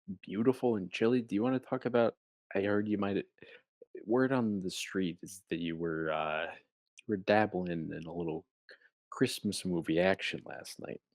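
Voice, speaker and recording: Low-voiced man telling rambling stories. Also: fairly even intonation, moderate pace, a little mellow, dry recording. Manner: rambling, playful storyteller. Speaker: podcast co-host. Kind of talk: casual comedic chat.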